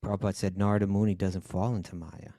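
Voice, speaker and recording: A man with a low, gravelly voice chats with dry, teasing humor. The recording is close and dry, with no room sound. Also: level tone, quick pace, mellow, no room sound. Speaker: podcast co-host. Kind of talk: casual chat.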